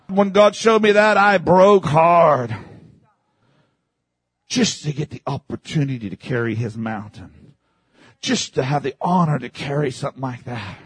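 A man preaching a sermon as pastor, swinging from shouted passages to hushed, low delivery. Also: animated, moderate pace, slightly rough, no room sound.

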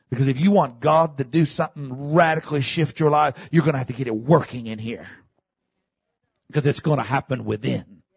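A man preaching a sermon, dropping to low murmurs and rising to shouted peaks, leading the congregation in call and response. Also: husky, dry recording. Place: church.

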